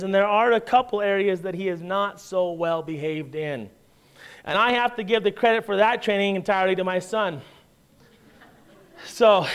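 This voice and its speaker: Smooth high-voiced man preaching a sermon. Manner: conversational storytelling, wry humor. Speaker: pastor. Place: church.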